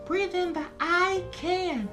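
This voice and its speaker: A woman leading children through a guided breathing exercise, calm and slow with soothing counting. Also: very high voice, faint music behind. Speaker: mindfulness guide.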